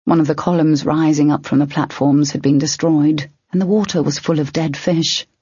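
A woman narrating an audiobook in a steady, measured way. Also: low voice, slightly rough, dry recording. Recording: dry, dull lo-fi.

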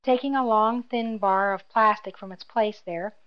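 A woman reading a novel aloud in scripted narration, measured and even, at a middling pitch. The recording sounds somewhat dull and lo-fi. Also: clean tone. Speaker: audiobook narrator.

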